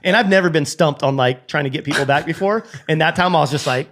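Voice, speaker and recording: Excitable man telling a prank story. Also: fast. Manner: excited storytelling, jumps into high quoted voices. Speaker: podcast co-host. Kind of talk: casual chat. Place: podcast studio.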